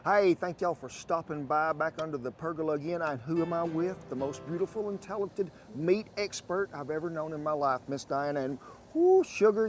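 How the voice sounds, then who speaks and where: A cooking show host with a drawl, folksy and easygoing, calling his guest sugar. His voice sits a little high for a man. Light music plays faintly behind him.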